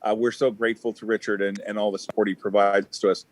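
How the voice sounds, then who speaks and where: A man's voice: on the low side, flat delivery, quick pace, poor audio. A man hosting a talk show over a remote link, pressing his co-host with questions. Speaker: show host, company chairman. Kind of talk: casual show banter. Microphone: remote call.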